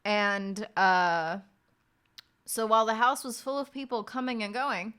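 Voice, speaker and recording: A woman's voice: mid-range voice, steady tone, a little slow, fairly bright tone, clean tone. A woman streamer telling a wild family story in casual chat, dramatic and profane.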